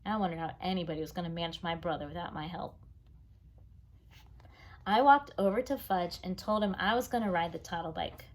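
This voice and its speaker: A woman reading a children's chapter book aloud, expressive and engaged. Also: fairly low pitch, a little fast. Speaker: reader. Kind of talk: storybook read-aloud.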